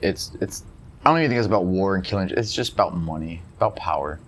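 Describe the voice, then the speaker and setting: Blunt guy with a really low voice, faint hiss behind him. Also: quick pace. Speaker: podcast co-host. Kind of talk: casual political chat.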